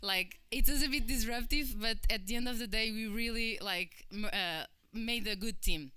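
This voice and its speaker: A Portuguese-accented woman in her thirties tells her career story to a conference audience, chatty and full of fillers, acting out what others said. Her voice is bright and very clear. The sound is dry and close. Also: a little high, moderate pace, dry recording. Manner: chatty, animated, acts out quoted voices, many fillers. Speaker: conference speaker. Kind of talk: personal talk to an audience.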